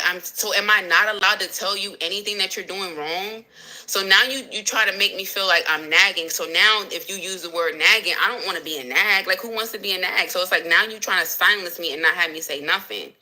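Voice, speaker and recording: Bright-voiced woman venting on a livestream. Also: lowish voice, brisk, low-quality recording. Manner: candid, emotional, talks back to viewers. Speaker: livestream host.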